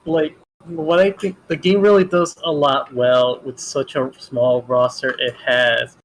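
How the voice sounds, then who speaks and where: A man's voice: mid-range voice, steady tone, a little slow, low-quality recording. A man in a casual podcast chat, explaining loosely with many fillers.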